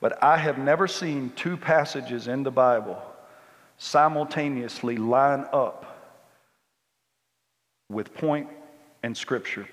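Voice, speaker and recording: Fiery male preacher in a reverberant church. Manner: emphatic, animated, climbs high when worked up. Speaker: guest preacher. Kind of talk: sermon.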